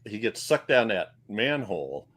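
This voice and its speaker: A man hosting a podcast, talking in a halting casual way with many pauses. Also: lowish voice, sing-song, a bit bright. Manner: halting, full of uhs. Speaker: podcast host. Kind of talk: casual chat.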